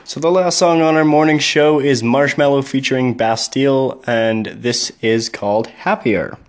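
A man's voice: mid-range voice, steady tone, moderate pace. A man hosting his own podcast, closing the episode in a loose, hesitant way with many fillers. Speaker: podcast host. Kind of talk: casual podcast sign-off.

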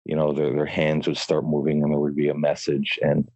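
A man co-hosting a casual chat, talking haltingly with lots of fillers. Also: very deep voice, completely flat delivery, warm tone, no room sound, muffled recording. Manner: halting, lots of "you know". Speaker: podcast co-host.

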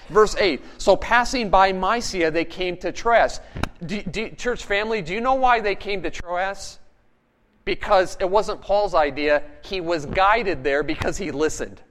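A man preaching a sermon as pastor, animated and firing rhetorical questions at his congregation. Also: high-pitched.

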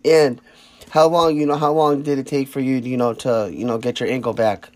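A man casually interviewing a guest, relaxed, leaning on "you know" fillers and the odd swear. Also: mid-range voice, moderate pace.

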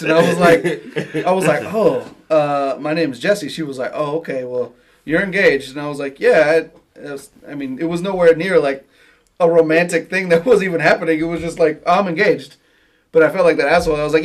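A man with a Southern US accent and a somewhat high voice, chatting casually with friends. He tells his blunder in a sheepish, self-mocking way and keeps laughing at himself. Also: brisk. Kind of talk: casual storytelling chat.

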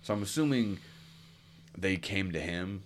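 A man co-hosting a podcast, talking casually in an earnest, informative way with some halting. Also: sits low, expressive. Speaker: podcast co-host. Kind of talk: casual chat.

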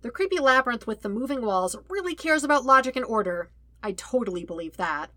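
A woman voicing a sarcastic, jumpy teenage boy in a fan-fiction audiobook, her voice raised and louder for his lines. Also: on the high side, big pitch swings, fairly quick, dry recording, pitched above the performer's own voice. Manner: sarcastic, squawking when startled.

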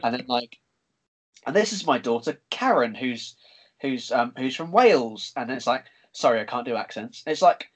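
A man hosts a relaxed podcast conversation. He talks in a chatty, excitable way with casual swearing, at a middle pitch. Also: moderate pace, rough recording. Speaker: podcast host. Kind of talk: casual chat.

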